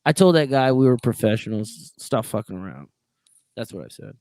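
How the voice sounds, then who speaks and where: A man who works as a prison sergeant, chatting casually on a podcast and telling profane stories with big swings between loud and quiet. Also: medium pitch, big pitch swings, brisk, dry recording. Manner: profane storytelling with swings in loudness.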